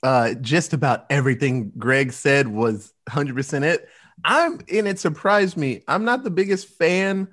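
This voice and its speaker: Male co-host, slightly raised pitch, loose profane movie-review chat that acts out scenes. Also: a little slow, a bit bright.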